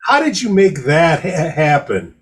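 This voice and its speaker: Joking podcast co-host, raised pitch. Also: male voice, very animated, husky. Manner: joking, teasing, quick asides. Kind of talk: casual podcast chat.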